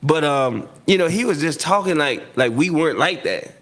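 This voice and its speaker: Man, animated storyteller, laughs a lot, slightly higher voice. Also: moderate pace. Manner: animated, acts out quotes, laughs often. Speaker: guest, former NFL receiver. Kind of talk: casual storytelling.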